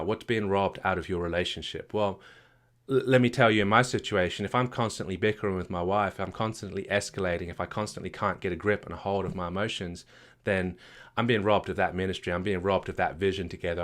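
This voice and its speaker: Low-voiced man giving an emphatic coaching talk. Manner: emphatic and repetitive, with frequent restarts and "right?" tags. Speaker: marriage coach. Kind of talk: retreat workshop talk. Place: retreat venue.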